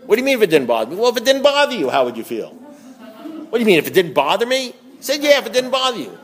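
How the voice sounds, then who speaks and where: A man's voice: high voice, very animated, racing, soft background music. A man giving a recovery meeting talk, telling folksy stories, acting out both sides of conversations, blunt and joking with frequent laughs. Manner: folksy storytelling, acts out both sides of dialogue. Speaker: recovery speaker.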